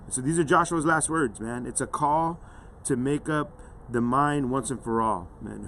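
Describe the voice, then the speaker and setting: A man's voice: medium pitch, normal speed, slight background noise. A man giving an earnest, conversational devotional sermon as a pastor, often dropping "man" and "right" into his talk.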